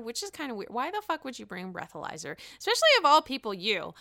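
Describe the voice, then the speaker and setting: Animated, gossipy woman with a bright voice. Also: on the high side, clean tone, dry recording, studio quality. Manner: gossipy, profane, animated, laughs at own jokes. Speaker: reality TV recap host. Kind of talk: casual recap chat.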